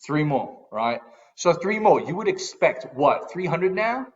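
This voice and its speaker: A man's voice: a little high, sing-song, a little slow, highs cut off. A man giving casual commentary on a mobile game, ranting and swearing in exasperation as he talks. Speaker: gaming YouTuber.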